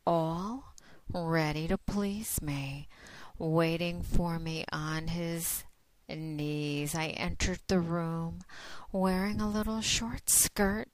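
A woman hosting an adult podcast, speaking at a very unhurried pace with a somewhat low voice. Her delivery is teasing and drawn out, with sighs between phrases. The sound is close and dry, with no room around it. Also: no room sound, low-quality recording. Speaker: podcast host.

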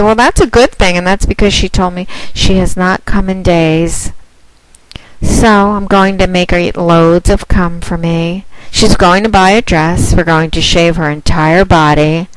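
A woman speaking in a slow, teasing and commanding way in a recorded promotional monologue. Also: medium pitch, clean tone, no room sound, rough recording. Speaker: phone-sex operator.

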